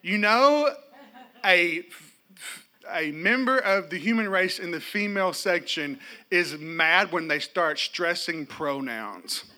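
A middle-aged male pastor preaches with a high, lively voice that swings up and down as he tells a story. His tone is very bright and cutting. He keeps the congregation involved with humor and questions. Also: slow pace. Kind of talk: sermon. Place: church.

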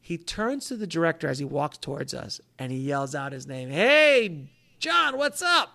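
Animated man telling a story. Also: medium pitch, fairly quick, creaky. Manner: animated, acts out quotes in other voices. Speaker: author guest. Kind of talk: casual storytelling.

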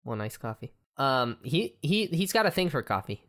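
A young woman chatting casually about a film, relaxed and halting, often laughing. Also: rumbling low.

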